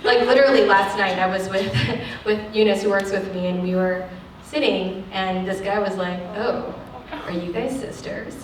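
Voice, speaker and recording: An actress speaking frankly at a lecture, acting out the people she quotes in an animated way. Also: medium pitch, moderate pace, hardly any pauses, a little hiss or hum. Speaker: actress giving a guest lecture. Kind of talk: candid talk at a lecture Q&A. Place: lecture hall. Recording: echoey hall, distant mic.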